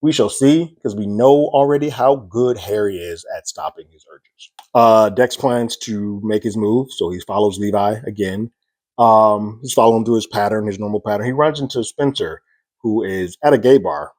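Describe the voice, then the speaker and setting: A man recapping a TV episode in a loose, chatty way, quickly acting out the characters' lines as he goes. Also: lowish voice, a little mellow, no echo. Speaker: TV recap reviewer. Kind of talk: casual recap monologue.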